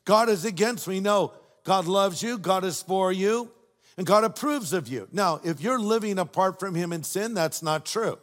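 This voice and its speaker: An older man preaching a sermon as a pastor. He tells stories warmly and adds humorous asides. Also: high voice, moderate pace. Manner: warm storytelling with humorous asides. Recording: long hall reverb.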